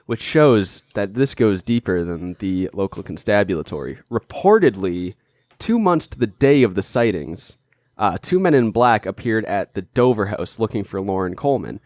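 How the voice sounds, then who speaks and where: A man's voice: on the low side, expressive, normal speed, a little mellow, no room sound. A man co-hosting a comedy podcast, telling the story in a loose, rambling way with plenty of restarts and filler. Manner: rambling, self-interrupting storyteller. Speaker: podcast co-host. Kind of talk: casual comedic chat.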